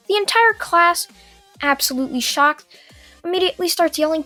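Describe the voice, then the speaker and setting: A young woman narrating a fan-made story casually, in long run-on sentences with filler pauses. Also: extremely high pitch, expressive, bright, forceful tone, no echo, soft background music.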